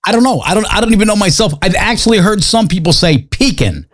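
A man's voice: high voice, fast talker, a bit bright. A male radio DJ from Mississippi, chatting in a jokey, self-mocking way during upbeat radio banter. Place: radio studio.

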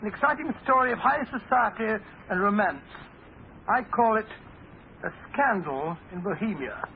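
A man's voice: high voice, lively intonation, normal speed. An actor playing a genial male doctor who tells the stories, in 1940s radio style. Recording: tinny old radio broadcast, faint hiss.

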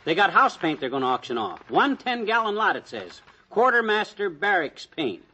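Fibber McGee, an eager blustery husband. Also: male voice, sits high, moderate pace, slightly rough, full character voice. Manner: eager, blustery, stammers when excited. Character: boastful bargain-loving middle-aged husband. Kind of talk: 1940s radio comedy acting.

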